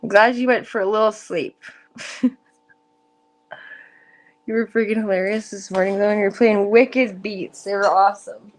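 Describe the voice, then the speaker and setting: Stoned young woman rambling on a stream panel, giggles a lot, middle pitch, sentences just trail off. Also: fairly even intonation, normal speed, pauses often. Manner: rambling, laughs often, trails off. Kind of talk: casual stream chat. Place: home room.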